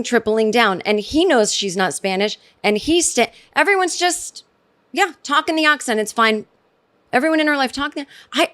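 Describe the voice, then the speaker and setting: A woman's voice: a little high, a bit bright. A middle-aged woman hosting a solo comedy podcast, talking in a sardonic, rambling way that keeps interrupting itself. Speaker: podcast host.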